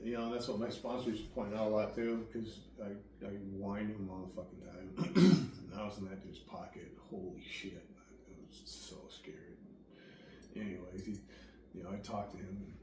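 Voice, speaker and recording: A man's voice: fairly low pitch, moderate pace. A young man casually telling a rambling, profane story, acting out what others said to him. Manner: acts out quoted dialogue with lively voices. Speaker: guest sharing recovery story. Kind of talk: casual conversation. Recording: echoey room, distant mic, faint background noise.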